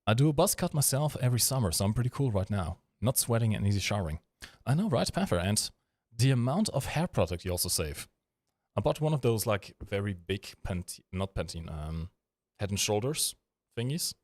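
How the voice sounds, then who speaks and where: A man with a lowish voice hosts a casual live stream and rambles through jokes and chat questions. He fills gaps with ums and uhs. The sound is dry and close, with no room echo. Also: sing-song, brisk, darkish tone. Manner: joking, rambling, with frequent fillers.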